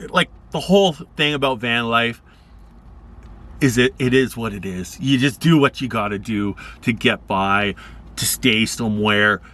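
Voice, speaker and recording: A man telling casual stories in a rambling, laid-back way on a vlog. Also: sharp tone. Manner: rambling, laid-back, acts out quoted people in higher voices. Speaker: vlogger. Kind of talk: casual storytelling.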